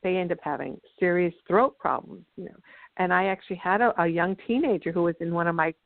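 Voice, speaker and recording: A woman guest on a call-in radio show, explaining ideas about emotional energy in a measured storytelling way. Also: lowish voice, creaky, no echo. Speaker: guest, energy healer and author. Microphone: phone. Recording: dry, tinny phone line.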